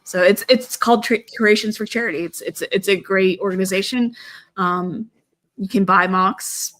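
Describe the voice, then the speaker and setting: A woman's voice: mid-range voice, normal speed, fairly bright tone. A middle-aged woman from the US, a guest in a casual chat, talking in a rambling, hesitant way with many fillers.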